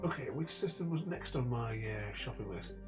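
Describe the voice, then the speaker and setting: A man's voice: medium pitch, expressive, moderate pace. A man streaming a game, chatting casually with viewers in a rambling, chuckly way. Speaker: gaming streamer. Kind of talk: casual live-stream commentary. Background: faint game music.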